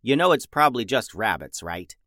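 A man's voice: medium pitch, big pitch swings, brisk, fairly bright tone, no room sound, clean studio sound. A man voicing an impatient, blunt young woman adventurer in a children's story, speaking in a matter-of-fact way.

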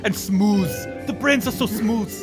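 A man's voice: high-pitched, measured pace, music in the background, voice pushed up. A man voicing a giddy, vain young man who longs to be a star, squealing and theatrical. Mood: gushing. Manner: squealing, breathless, over-the-top theatrical.

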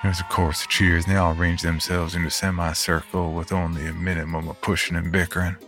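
A man narrating a first-person horror story in a reflective, measured way. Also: deep voice, little pitch movement, a bit bright, soft background music.

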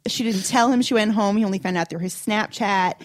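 A woman on a dating podcast reads a listener's letter aloud at an easy, relaxed pace. Her voice is mid-pitched and close to a dry mic. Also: a little fast, dry recording. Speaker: podcast co-host. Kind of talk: casual podcast chat, reading listener questions.

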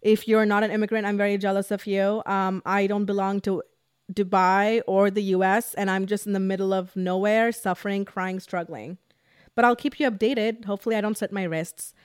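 A woman's voice: mid-range voice, level tone, fairly quick, smooth, no echo. Dry, rambling young woman podcaster. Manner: rambling and emotional, heavy use of "like". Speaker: podcast host. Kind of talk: casual storytime monologue.

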